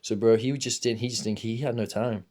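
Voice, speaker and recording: A man's voice: medium pitch, steady tone, fairly quick, darkish tone. A young man telling a rambling, swear-filled story while gaming, calling everyone "bro". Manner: casual, rambling, says "bro" constantly, swears a lot. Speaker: gaming streamer.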